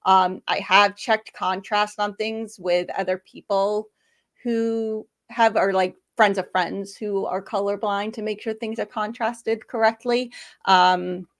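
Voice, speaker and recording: A chatty woman answering audience questions on a webinar. Her voice sits at a middle pitch. She thinks out loud, with plenty of ums and restarts. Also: fairly even intonation, takes it slowly. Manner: chatty, friendly, thinks aloud with fillers. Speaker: webinar panelist. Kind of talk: casual webinar Q&A.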